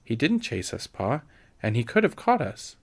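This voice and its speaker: A man's voice: mid-range voice, wildly swooping pitch, normal speed, gravelly, full character voice. A man voicing a frightened young pioneer girl who talks in breathless, urgent bursts. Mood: earnest.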